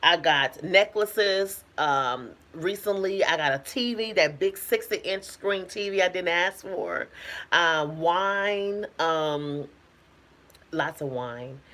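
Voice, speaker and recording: A woman spiritual healer giving a casual motivational talk to camera, preachy and emphatic, colloquial and quick to laugh. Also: fairly low pitch. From United States. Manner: preachy, emphatic, animated exclamations.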